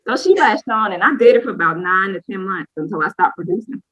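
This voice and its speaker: A woman, co-hosting a casual chat and telling a lively personal story, acting out what people said. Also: mid-range voice, brisk, muffled recording. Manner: lively storyteller who acts out quotes. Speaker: co-host sharing a personal story.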